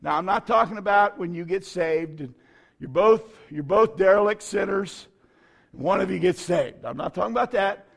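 High-pitched man preaching a sermon. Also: moderate pace, gravelly. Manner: folksy storytelling with bursts of preaching. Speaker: pastor.

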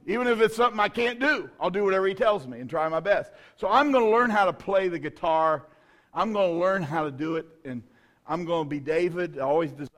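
In church, a middle-aged male pastor with a slightly high voice tells a self-deprecating story during his sermon. He drops to quiet asides and then rises to shouts.

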